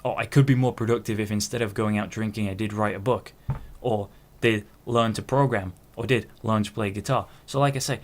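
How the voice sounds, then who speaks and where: This man in his twenties talks briskly with a low, steady voice and hardly any pauses. Hosting a podcast alone, he rambles, cuts himself off, and drops casual swear words.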